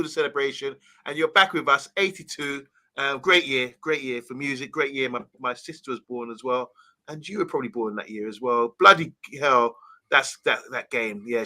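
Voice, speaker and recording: A man's voice: mid-range voice, sharp tone. A man co-hosting a football livestream, casually reading out viewer comments and greeting people by name.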